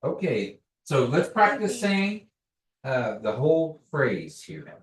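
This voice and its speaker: A man teaching a language class, patiently repeating words slowly for learners. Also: medium pitch, very animated. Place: classroom, echoey room. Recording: echoey room, distant mic.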